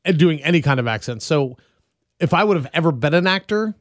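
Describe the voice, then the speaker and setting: A man's voice: fairly high pitch, expressive, a little fast, dry recording, clean studio sound. A man co-hosting a casual podcast chat, easygoing and self-deprecating as he shares film trivia. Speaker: podcast co-host.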